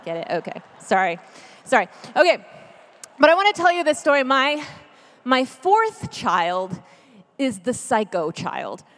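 Thirties woman preaching thru a family story, kinda high voice, jokey then earnest, big echoey hall. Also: a little slow. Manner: lively, chatty, jokey, then earnest and hushed. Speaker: speaker at a church gathering. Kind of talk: storytelling sermon. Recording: long reverb of a large hall.

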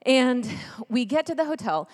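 A woman in her thirties gives a storytelling sermon in a chatty, joking way that turns earnest and hushed. Her voice sits a little high for a woman. It rings with the long reverb of a large hall. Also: moderate pace. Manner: lively, chatty, jokey, then earnest and hushed. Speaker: speaker at a church gathering.

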